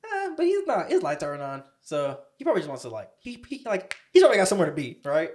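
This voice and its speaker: A man's voice: fairly high pitch, sing-song, rapid-fire, darkish tone. A young man co-hosting a podcast, telling a story in a casual, profane, rambling way. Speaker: podcast co-host.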